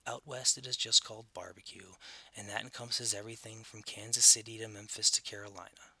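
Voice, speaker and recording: A man's voice: lowish voice, fairly even intonation, fairly quick, creaky, sharp tone. A man from the Southern United States narrating his own scripted documentary in an earnest, reflective way.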